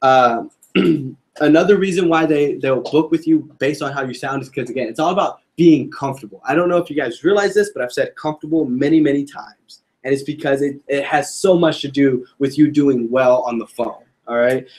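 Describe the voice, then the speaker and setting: A man's voice: mid-range voice, fairly quick, darkish tone. A young man giving a casual sales training talk to a group, joking and quizzing his listeners. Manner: casual, joking, addresses audience with questions.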